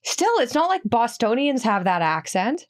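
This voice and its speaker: Young woman, Canadian accent, podcast host, casual, curious, somewhat high voice. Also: very animated, normal speed. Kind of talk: casual conversation.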